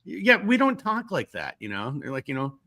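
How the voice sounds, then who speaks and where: Bright-voiced Minnesotan man rambling on a podcast. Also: fairly high pitch, wildly swooping pitch, moderate pace. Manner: rambling, with many restarts and casual swearing. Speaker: podcast host. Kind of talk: casual political podcast chat.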